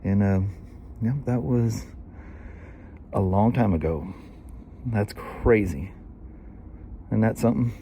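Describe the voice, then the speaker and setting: A man's voice: fairly low pitch, slow pace, pauses often, mellow, slight background noise. Folksy Southern man in his sixties. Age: 60s. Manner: rambling, folksy, with frequent "you know" and "anyway". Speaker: vlogger. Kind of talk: casual storytelling.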